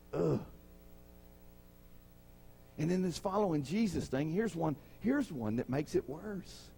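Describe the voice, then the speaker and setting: A man's voice: on the high side, dark tone, breathy edge. A man preaching a sermon. He talks in a conversational way, asks the congregation questions and acts out the people in his stories. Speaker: pastor.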